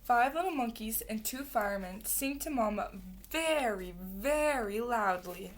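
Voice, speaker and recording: A woman reading a children's picture book aloud in a gentle, expressive way. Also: fairly high pitch, unhurried, slight background noise. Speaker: reader. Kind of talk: children's storybook read-aloud.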